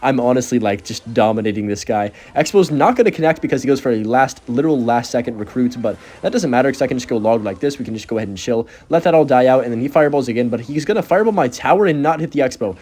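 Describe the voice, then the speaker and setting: A man's voice: mid-range voice, animated, quick pace, few pauses, a little mellow. A young man giving casual, joking commentary over his own gameplay, sarcastic and chatty as he narrates each move. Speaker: gaming content creator.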